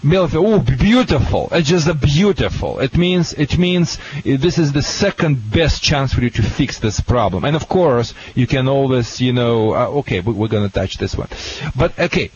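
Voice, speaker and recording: Excitable Russian-accented man on the radio. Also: mid-range voice. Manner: excitable, halting, jokey, laughs often. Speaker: dog trainer. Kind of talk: call-in radio advice. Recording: dull lo-fi radio audio with faint hiss.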